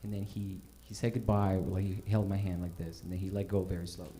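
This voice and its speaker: A man doing stand-up, telling a self-mocking story in an animated way and acting out what people said. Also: sits low, fairly quick, noisy background. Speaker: stand-up comedian.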